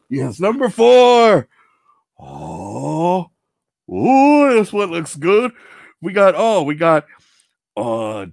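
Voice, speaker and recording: A man playing Venom, a boastful alien symbiote, in a goofy, excitable in-character comic unboxing. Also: on the high side, creaky, no echo, clean studio sound, heavily acted. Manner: goofy, excitable, answers himself with "yes".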